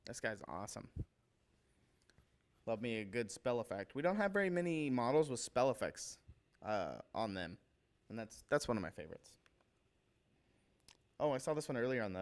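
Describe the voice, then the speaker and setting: A man's voice: medium pitch, smooth. A man hosting a casual livestream, rambling with enthusiasm and tripping over names as he talks through fan work. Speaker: livestream host showing painted miniatures.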